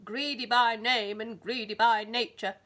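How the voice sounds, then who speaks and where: A woman's voice: a little high, steady tone, a little slow, fairly bright tone. A woman voicing a huge, cross male giant who thunders and bellows in a storybook reading. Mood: thundering.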